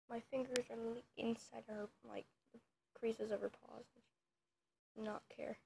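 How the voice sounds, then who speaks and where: Woman filming her dog, kinda high voice, creaky fry, teasing and goofy. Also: little pitch movement, normal speed, long pauses, dark tone, a little hiss or hum. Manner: playful, teasing. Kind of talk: casual chat.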